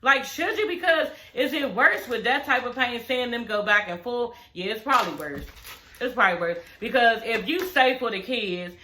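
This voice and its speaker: A young woman talks straight to her viewers in a loose, chatty recap, often calling them y'all. Her voice sits a bit high, bright and forward. The room gives it a noticeable echo. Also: lively intonation, moderate pace, slight background noise. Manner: chatty, addresses viewers as y'all, frequent "you know what I'm saying". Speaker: reality show recap vlogger. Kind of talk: casual recap commentary.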